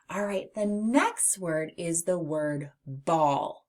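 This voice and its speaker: A woman teacher giving a phonics lesson to young children in a slow, clear, sing-song voice. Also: lowish voice. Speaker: reading teacher.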